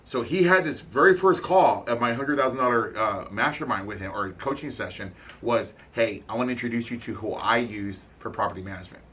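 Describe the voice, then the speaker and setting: Talking as a real estate investor, this man gives frank, profane motivation in rapid spurts, stopping and restarting as he goes. His voice is medium-pitched and a bit bright.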